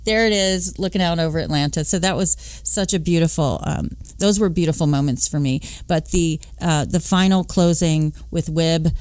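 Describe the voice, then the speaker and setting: A woman in her late fifties, a podcast host from the Philadelphia and New York area, telling a personal story in an animated way. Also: normal speed, few pauses, no room sound. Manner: animated, acting out dialogue with big pitch swings.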